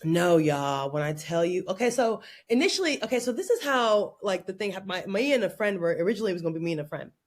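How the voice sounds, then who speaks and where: A woman from Oakland, California, a podcast guest telling stories in an animated, playful way and laughing often. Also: mid-range voice, quick pace, few pauses. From Oakland, California, USA. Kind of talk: casual interview chat.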